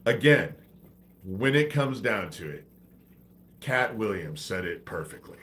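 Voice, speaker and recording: A man's voice: lowish voice, sing-song, unhurried, a bit bright, a little hiss or hum. A man hosting a livestream, ranting in a profane, exasperated, preachy way while he has a head cold. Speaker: livestream host.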